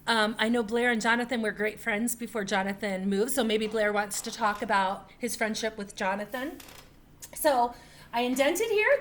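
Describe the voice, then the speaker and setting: A woman's voice: fairly high pitch, fairly bright tone. A woman teaching a first grade writing lesson to young children. She talks patiently and repeats key points.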